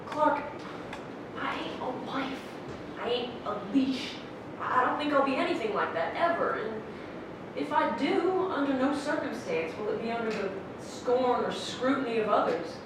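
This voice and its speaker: An actress playing Cecilia, a sharp-tongued, independent frontier woman who speaks firmly and defiantly, recorded on a stage from a distance. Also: high-pitched, expressive, moderate pace. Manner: firm, defiant. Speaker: actor. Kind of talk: stage drama performance. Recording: roomy stage audio from a distant mic with noise.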